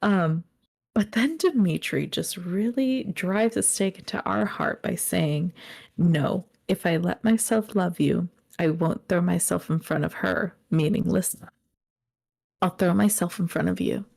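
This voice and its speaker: A woman's voice: lowish voice, a little slow, creaky, darkish tone, husky. A young woman co-hosting a casual book podcast, gushing and playful as she recaps a story. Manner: gushing, playful, slips into quoting characters. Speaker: podcast co-host.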